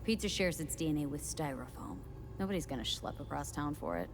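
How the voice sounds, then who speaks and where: A dry, sardonic game heroine. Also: female voice, deep voice, very animated, fairly quick, noisy background. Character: female game protagonist, wry street detective. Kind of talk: game character dialogue. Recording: game audio with music behind.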